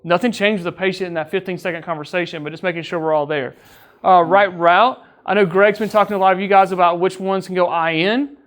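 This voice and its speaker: A man's voice: sits high, fairly even intonation, quick pace, fairly bright tone. A man who works as an EMS training officer gives a casual training lecture to his crew. He talks in a conversational way, joking with them and often checking in with "right?". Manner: jokes with the crew.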